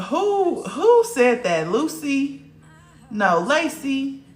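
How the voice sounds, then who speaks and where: A woman's voice: high-pitched, big pitch swings, extremely slow, reverberant. A woman hosting a casual livestream, talking bluntly and profanely straight to her viewers in the chat. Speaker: livestream host.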